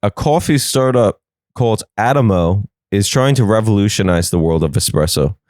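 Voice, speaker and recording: A man's voice: lowish voice, moderate pace, a little mellow, no room sound, clean studio sound. A young man hosting a comedy podcast, riffing sarcastically on the news and slipping into silly voices.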